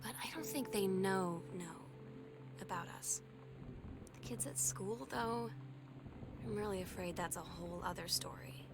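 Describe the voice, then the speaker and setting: A woman's voice: mid-range voice, unhurried, long pauses, close to an everyday voice. An actress voicing a teenage girl who narrates diary entries to her younger sister in a confiding, wistful way, heard as game audio. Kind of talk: voiced game journal narration. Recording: game audio with music underneath.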